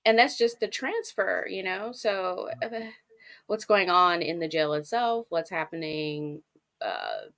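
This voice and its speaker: Woman co-host, lower voice, loose news read with hesitations. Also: measured pace. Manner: relaxed, hesitant, many ums. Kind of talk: casual news discussion.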